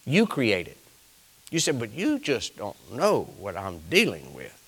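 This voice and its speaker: A pastor preaching with a bright, ringing tone. His pitch leaps and dips all over as he tells homespun stories, and he builds up to loud bursts. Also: wildly swooping pitch, a little slow, creaky, breathy edge. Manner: folksy storytelling preaching, swelling to shouts. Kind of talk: sermon.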